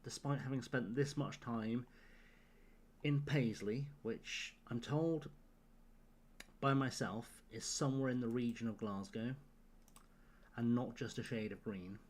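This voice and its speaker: A man's voice: mid-range voice, unhurried, pauses often, a little mellow, slight background noise. A man streaming a game live, chatting to his viewers with sardonic, profane jokes. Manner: sardonic, profane joking to chat.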